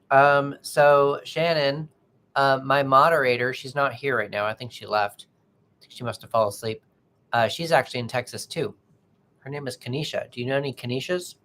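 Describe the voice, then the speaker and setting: A man hosting a tarot livestream, chatting casually and haltingly with viewers and greeting them by name. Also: mid-range voice, a bit bright.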